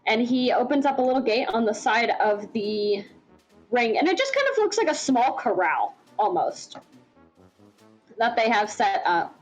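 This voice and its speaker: A woman's voice: a little high, sing-song, unhurried, soft background music, poor audio. A woman running a tabletop game as game master, narrating in a rambling way with many fillers.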